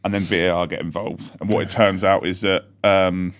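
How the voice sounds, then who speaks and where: A man co-hosting a football fan podcast from home, telling match events in a rapid, rambling way. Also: deep voice, fairly even intonation. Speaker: podcast co-host. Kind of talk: casual live-stream chat.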